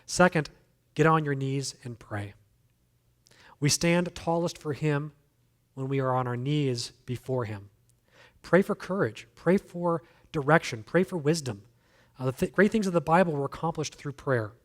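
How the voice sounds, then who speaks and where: A man preaches a sermon in a relaxed, conversational way, repeating key phrases for emphasis. His voice sits a little higher than most men's, and he mixes in self-deprecating jokes. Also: unhurried. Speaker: guest speaker.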